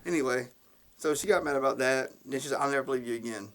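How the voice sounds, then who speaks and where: A man's voice: mid-range voice, fast. A man co-hosting a casual podcast, telling rambling stories and laughing at them as he goes. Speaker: podcast co-host. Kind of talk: casual storytelling chat.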